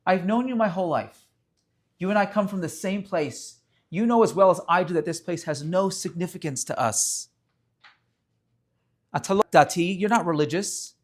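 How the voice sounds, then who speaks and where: A man's voice: sits high, moderate pace, long pauses, pitched above the performer's own voice, close to an everyday voice. Man doing a puzzled young soldier. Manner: earnest questioning. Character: young male secular soldier, puzzled friend.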